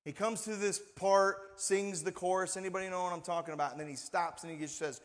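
A man's voice: sits high, fairly even intonation, brisk, big-room sound. A male pastor preaching a sermon in a conversational manner, often asking the congregation for responses. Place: church sanctuary.

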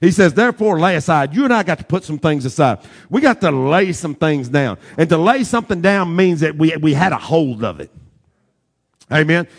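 Gravelly high-voiced preacher. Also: male voice, animated, normal speed. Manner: preaching with rising shouted repetition. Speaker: pastor. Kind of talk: sermon.

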